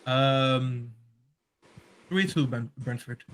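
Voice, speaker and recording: A man's voice: mid-range voice, extremely slow, rough recording. An American man on a football podcast panel, wryly questioning the others in casual banter. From United States.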